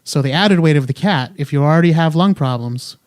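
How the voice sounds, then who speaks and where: A man's voice: fairly high pitch, fairly quick, dry recording, studio quality. A young man hosting a podcast in casual chat, joking and rambling with many fillers. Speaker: podcast host. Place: home room.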